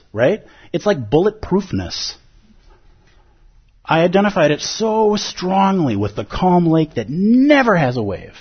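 Animated man giving a dharma talk. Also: medium pitch, husky, muffled recording. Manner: animated, playful, acts out inner voices. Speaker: Zen teacher.

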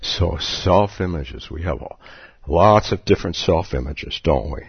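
A man's voice: deep voice, unhurried, vocal fry, husky, dry recording. A man giving a dharma talk as a Zen meditation teacher at a retreat, playful, chuckling often and repeating his questions. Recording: dull lo-fi recording.

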